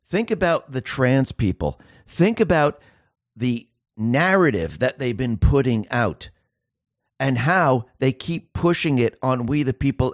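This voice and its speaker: A man's voice: mid-range voice, no echo, clean studio sound. A man hosting a political commentary show, speaking in an emphatic monologue full of repetition and rhetorical questions. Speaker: show host.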